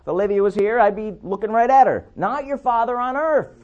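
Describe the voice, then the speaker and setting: A man preaching a sermon, emphatic, repeating key words and slowing down to read scripture. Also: high voice, expressive, darkish tone, highs cut off.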